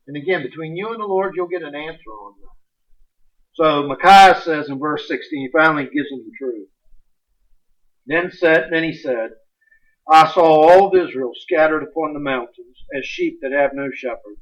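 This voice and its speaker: A man preaching a sermon, animated and folksy, reading scripture aloud with sudden bursts of emphasis. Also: fairly high pitch, normal speed, pauses often. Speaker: pastor. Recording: distant, muffled livestream audio.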